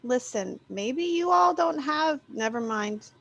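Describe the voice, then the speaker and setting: Woman player at a tabletop game, playful teasing, voice a bit on the high side. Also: lively intonation, slow pace, vocal fry, fairly bright tone, muffled recording. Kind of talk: casual chat during a tabletop game.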